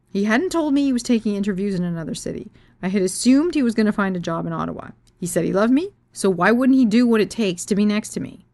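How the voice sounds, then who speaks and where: A woman's voice: mid-range voice, expressive, brisk, dark tone, no room sound. A woman podcast host and author telling a personal story frankly and expressively, with explicit language. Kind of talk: personal storytelling and reading aloud.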